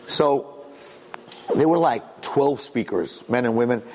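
A middle-aged man, a rabbi, telling stories to an audience in an animated way, repeating phrases and acting out dialogue. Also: medium pitch, takes it slowly. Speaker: rabbi and speaker. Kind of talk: storytelling talk to an audience. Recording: long reverb in a hall.

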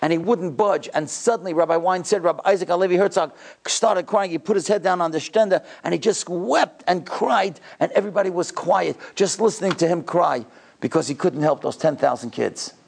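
A middle-aged man giving a speech to a yeshiva, telling a story with animated delivery. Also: a little fast, gravelly, husky. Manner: animated storyteller, voice climbing high in retold dialogue. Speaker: guest speaker at a yeshiva.

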